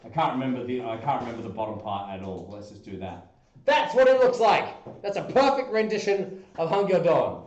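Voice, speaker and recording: A man hosting a casual livestream, chatting playfully with viewers and breaking into goofy squeaky bursts. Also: expressive, brisk, darkish tone, lo-fi sound, a little hiss or hum. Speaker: livestream host. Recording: roomy echoey room.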